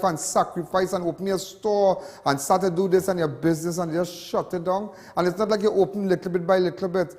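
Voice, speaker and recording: This high-voiced man from Trinidad and Tobago hosts a TV show, speaking a little fast with few pauses in a steady, slightly mellow tone. His emotional on-air monologue rambles, repeats itself and is full of local slang, and it sounds like a big room.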